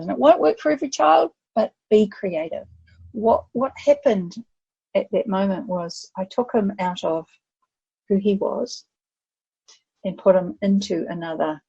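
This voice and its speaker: An older woman, a grandmother, speaking as a guest on a podcast and telling stories with lively acted-out voices. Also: medium pitch, gravelly, slightly rough, no room sound, lo-fi sound. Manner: animated storytelling, acts out voices. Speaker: guest expert. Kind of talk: podcast conversation.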